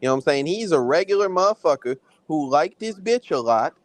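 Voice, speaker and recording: A man co-hosting a film review chat, talking in an animated, profane, slang-heavy way. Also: on the high side, fairly quick, no room sound, poor audio. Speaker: podcast co-host reviewing films. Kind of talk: casual chat.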